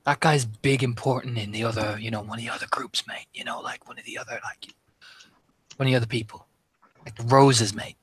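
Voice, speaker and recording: A man voicing a secretive English gangster with an English accent who keeps saying "mate" and lowers his voice. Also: steady tone, brisk, breathy edge. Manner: says "mate" constantly, hushed and secretive.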